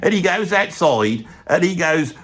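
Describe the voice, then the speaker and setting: A man's voice: high voice, animated, a little slow, fairly bright tone, husky, exaggerated voice. A man with a Birmingham accent voicing a rambling, blokey older heavy metal fan in a comedy monologue, who keeps losing his thread. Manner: rambling, loses his thread, says bloody a lot. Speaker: comic pundit character.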